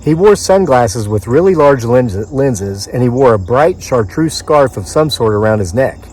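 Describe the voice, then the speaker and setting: A man's voice: mid-range voice, expressive, normal speed, a little mellow. A man from the mid-Atlantic United States reading his own story aloud outdoors in the woods, in a dry, conversational storyteller's manner with offhand asides.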